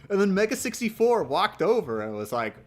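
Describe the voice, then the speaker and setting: A man's voice: sits high, sing-song, brisk. A man chatting casually on a live stream, rambling and self-mocking with lots of restarts.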